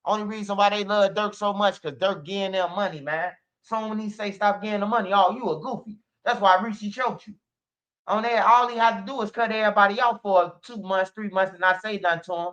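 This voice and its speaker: A Chicago man rants casually on a livestream in a high, steady, slightly bright voice at a brisk clip. He rambles and curses, repeats "bro" and "man," and laughs a lot, all over muffled lo-fi stream audio.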